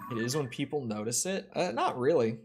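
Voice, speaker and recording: A man's voice: medium pitch, very animated, fairly quick, a little mellow, faint music behind. A man streaming a video game, chatting casually, swearing and breaking into indignant exclamations. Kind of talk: casual live-stream chat while gaming.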